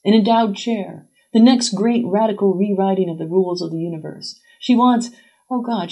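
A woman reading a literary story aloud as a scripted narration, measured and even. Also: lowish voice, husky, poor audio.

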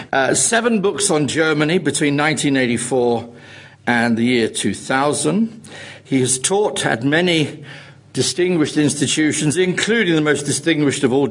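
A man's voice: mid-range voice, husky. A man at a lecture introducing the speaker, genial and joking, with frequent ums and restarts. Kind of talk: formal introduction with asides. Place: lecture hall.

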